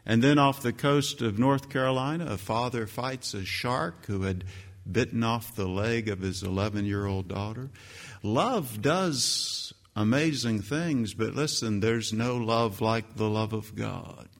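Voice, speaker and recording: A man preaching a sermon as pastor, emphatic, with his voice leaping up on key phrases. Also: a little slow. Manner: emphatic preaching that leaps higher and louder on scripture quotes. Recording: long hall reverb.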